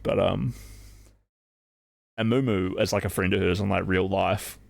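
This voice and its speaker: A young man telling a story casually on a live stream, with a low, gravelly voice and a steady, unhurried delivery. He rambles, packs in constant fillers, and swears freely. The recording is dry and studio quality.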